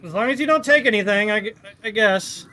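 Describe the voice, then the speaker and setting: A man voicing a wary tavern barkeep in a tabletop role-play, clearing his throat and answering evasively. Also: sits high, fairly quick, sharp tone, a little hiss or hum, pitched above the performer's own voice. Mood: reluctant.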